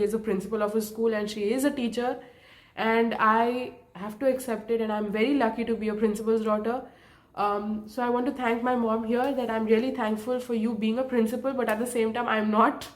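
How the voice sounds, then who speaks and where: Emotional young woman vlogger, apologetic. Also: on the high side. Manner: emotional, apologetic, with nervous laughs. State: emotional, close to tears. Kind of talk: emotional personal vlog.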